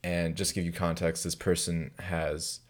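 A man's voice: low voice, flat delivery, measured pace. A man in his twenties casually telling a profane dorm story as a resident advisor, laughing often as he goes. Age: 20s.

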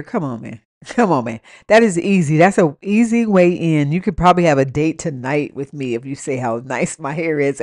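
A young woman hosts her own podcast in a loose, ranting story-time manner. Her voice sits a little low, and she mixes blunt, profane advice with quick laughing asides. The sound is close and dry. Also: darkish tone, no room sound. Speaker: podcast host. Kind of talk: casual rant and story time.

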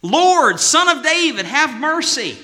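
A preacher acting out a frantic mother crying for help, high and strained, bright tone, long hall reverb. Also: sing-song, slow, full character voice. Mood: pleading. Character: desperate pleading foreign woman, mother.

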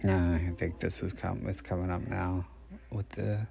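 A man's voice: deep voice, flat delivery, normal speed, gravelly, warm tone. A man hosting a podcast, giving casual movie commentary in a meandering, think-aloud way. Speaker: podcast host.

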